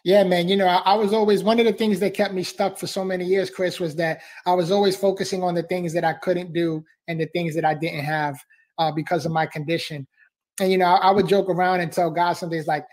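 A man's voice: high-pitched, steady tone, fairly quick. A man speaking as a podcast guest, fervent and motivational, repeating phrases and calling the host bro and man.

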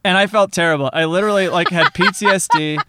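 A man's voice: high voice, fairly even intonation, fast, very noisy. A man co-hosting a podcast in casual chat, chatty and self-deprecating, laughing often as he talks. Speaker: podcast co-host. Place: San Diego.

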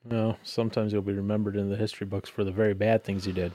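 A man with a lowish voice drops short, wry asides into a casual conversation. The recording is close and dry, with no room sound. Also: little pitch movement, fast talker, mellow, no echo. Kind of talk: casual chat.

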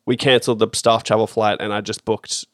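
A man's voice: fairly low pitch, level tone, fairly quick, dry recording, studio quality. A young Australian man chatting casually as a podcast co-host, rambling and swearing offhandedly. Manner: laid-back, swears casually, rambling storytelling. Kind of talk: casual chat.

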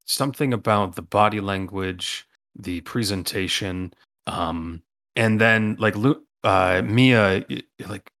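A man's voice: on the low side, slow pace, fairly bright tone. A man running a tabletop role-playing game as game master, rambling with many ums and restarts.

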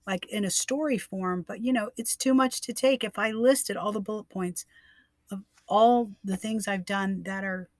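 A woman's voice: medium pitch, fairly even intonation, normal speed, a little mellow, no room sound. An older woman co-hosting a faith podcast, speaking emphatically and encouragingly. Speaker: podcast co-host. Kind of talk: casual faith podcast chat.

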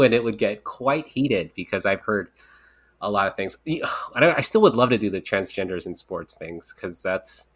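Low-voiced rambling podcast host. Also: male voice, a bit bright. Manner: rambling, candid, swears casually. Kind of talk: casual podcast chat.

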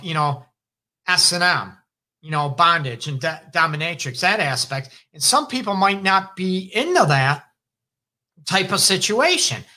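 A middle-aged male relationship counselor with a Detroit accent, hosting a casual advice talk in an animated, emphatic way with sudden loud exclamations. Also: a little high. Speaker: relationship counselor and show host.

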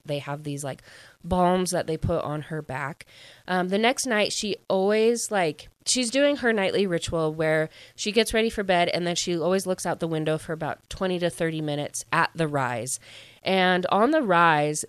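A woman gushes through a book recap at home, chatty and quick to ramble. Her voice sits somewhat low. The sound is dry and close to the mic. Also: smooth, dry recording. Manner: gushing and chatty, full of "like". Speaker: book reviewer.

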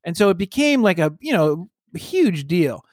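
A man's voice: high-pitched, very animated, normal speed, darkish tone, no echo, clean studio sound. A man in casual conversation as a podcast co-host, musing and rambling with playful banter. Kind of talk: casual chat.

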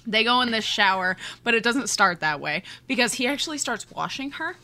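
A woman's voice: fairly high pitch, animated, fairly quick, bright, forceful tone. A woman hosting a podcast, gushing through a chatty book recap with many fillers. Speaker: podcast host. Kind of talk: casual book chat.

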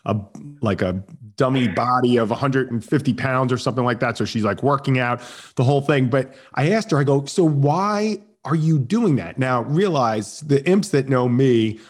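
A man's voice: mid-range voice, normal speed, hardly any pauses. A man in his forties hosting a casual interview, jokey and teasing. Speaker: podcast host.

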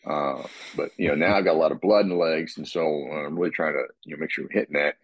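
A man talking casually about his workout, rambling and restarting his sentences and clearing his throat often. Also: very deep voice, fairly even intonation, quick pace, no echo, muffled recording. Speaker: guest describing his workout. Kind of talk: casual podcast talk.

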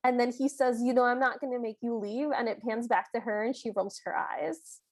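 Amused, higher-voiced woman podcaster. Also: steady tone, fairly quick, darkish tone, dry recording. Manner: chatty, amused retelling with quoted lines. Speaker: podcast co-host. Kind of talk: casual movie recap chat.

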